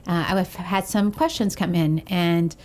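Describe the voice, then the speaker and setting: A woman's voice: on the low side, fairly even intonation, a little slow, darkish tone. A woman in her thirties co-hosting a parenting podcast, chatting casually, giggling often and thinking things through. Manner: giggly, thoughtful. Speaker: podcast co-host. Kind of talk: casual chat.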